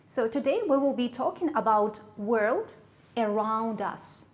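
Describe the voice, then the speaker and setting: A woman with a Kyrgyz accent teaches English to young children, repeating words slowly and spelling them out. Her voice is slightly high and animated.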